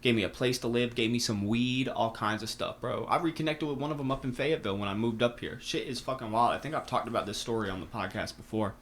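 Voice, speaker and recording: A young man on a podcast, telling stories in an animated, slangy way with lots of swearing. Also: mid-range voice, fast talker, few pauses. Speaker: podcast guest. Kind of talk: casual conversation.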